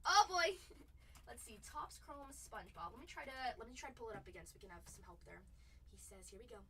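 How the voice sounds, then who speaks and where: A woman hosts a live card break online, talking fast and excitably to her viewers in a high, bright voice. She sits a little back from the mic, so the sound is slightly distant. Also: slight background noise. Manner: excitable, chatty, greets viewers and reads their messages aloud. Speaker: trading card break host.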